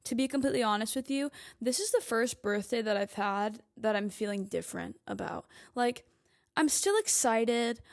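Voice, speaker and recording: A woman in her twenties talking casually to her audience as a podcast host, chatty and emphatic, with lots of "like" fillers. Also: fairly high pitch. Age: 20s. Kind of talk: casual monologue.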